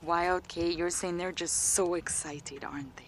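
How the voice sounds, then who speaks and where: A woman's voice: lowish voice, fairly even intonation, takes it slowly, a little hiss or hum. A woman safari guide giving chatty live wildlife commentary outdoors on a game drive, often laughing and dropping to a whisper near the animals.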